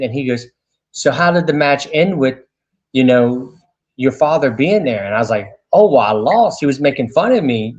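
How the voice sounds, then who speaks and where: A man tells his stories in an animated way, with lots of "you know" and restarts. His voice sits in the middle range. The audio sounds a bit dull and lo-fi. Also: medium pitch. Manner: animated anecdotes with many fillers and restarts. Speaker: radio show host, interview guest. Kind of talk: casual storytelling interview.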